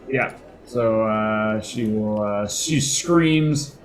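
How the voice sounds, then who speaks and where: Running a tabletop game as dungeon master, a man with a fairly low voice takes his time, chuckling and thinking aloud between dice rolls.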